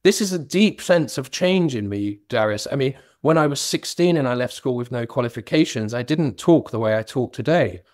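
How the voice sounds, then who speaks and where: A man's voice: mid-range voice, animated, moderate pace, hardly any pauses, darkish tone, no room sound. Earnest middle-aged London man, dry close sound. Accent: London, slightly Cockney. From England. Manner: earnest, reflective, occasional self-amused laughter. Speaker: author and business guest. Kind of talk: candid interview answers.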